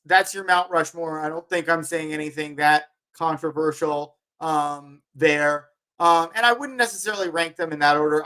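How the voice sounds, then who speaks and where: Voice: mid-range voice, sharp tone. A company head hosting a weekly stock market show, talking casually and rambling with constant "like" and "um" fillers.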